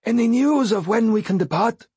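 A man voicing a high, anguished blind tumbler. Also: expressive, normal speed, a little mellow, husky, dry recording, full character voice. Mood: insistent. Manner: intense and pleading. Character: blind, bitter, desperate male former tumbler. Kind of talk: audiobook character voicing.

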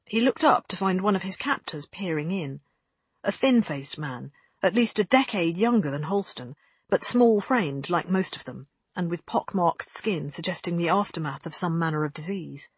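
An audiobook narrator reading a story in a measured, even way. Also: mid-range voice, slightly rough, no echo. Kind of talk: scripted narration.

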